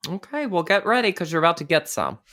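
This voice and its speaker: Brief: woman co-host, very low voice swooping widely, dry judge. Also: big pitch swings, quick pace, a bit bright. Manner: dry, mock-solemn verdicts. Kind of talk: casual chat.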